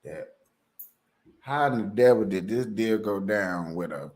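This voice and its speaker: Guy riffing jokes on his show, laughs a lot, pitch all over the place. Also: a little slow. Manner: animated, joking, laughing often. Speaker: host. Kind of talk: casual comedic commentary.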